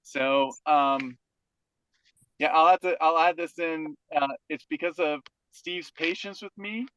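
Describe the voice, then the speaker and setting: A man's voice: on the high side, a bit bright, highs cut off. A man in his forties from New Hampshire gives an earnest personal testimony over a call, stacking repeated phrases. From New Hampshire, USA. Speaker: team member and guest speaker, teacher and father.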